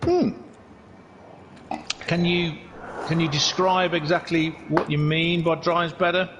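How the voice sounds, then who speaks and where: A man's voice: a little high, slow pace, noisy background. Chatty man hosting a stream. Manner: chatty, rambling, restarts sentences while interviewing. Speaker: racing league host. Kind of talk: casual livestream chat.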